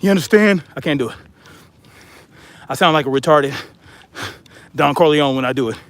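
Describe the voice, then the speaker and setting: A man's voice: on the high side, moderate pace. A man talking bluntly to his viewers while hiking uphill with a pack, out of breath, calling them y'all. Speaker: vlogger. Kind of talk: casual monologue while hiking. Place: outdoors on a hiking trail.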